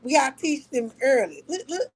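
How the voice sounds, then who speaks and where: A high-voiced woman holds forth on her livestream in a loose, casual rant. She mocks her target with profane trash talk and breaks into laughter often. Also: big pitch swings, moderate pace, loud music behind the voice, poor audio. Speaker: livestream host. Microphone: talking to a phone on a live stream.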